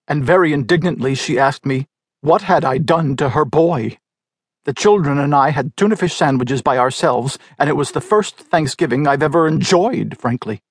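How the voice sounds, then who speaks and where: A man's voice: a little high, normal speed, slightly rough, dry recording, clean studio sound. A man voicing a bitter, wry middle-aged wife telling of her husband's betrayal in a storybook reading.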